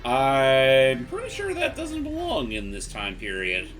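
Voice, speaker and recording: A man co-commentating a video game casually, laid-back with deadpan asides. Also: mid-range voice, a little slow, faint music behind. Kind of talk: casual let's-play commentary.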